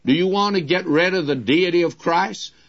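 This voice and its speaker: A man's voice: high voice, moderate pace. A man teaching the Bible in a radio sermon, emphatic and speaking straight to his listeners as friends, on a dull lo-fi broadcast recording.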